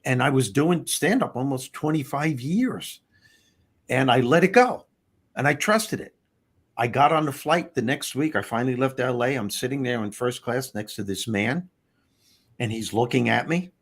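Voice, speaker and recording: A middle-aged man, hosting a talk show and telling a personal story in an animated, conversational way. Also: mid-range voice, moderate pace, breathy edge. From Long Island, New York. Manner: animated, conversational, repeats words. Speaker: host.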